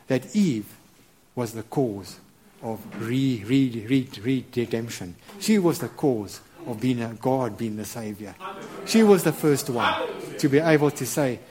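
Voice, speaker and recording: A middle-aged man preaching a sermon, halting and earnest, with many repeated words and restarts. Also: mid-range voice, a little mellow, husky. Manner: earnest and reverent.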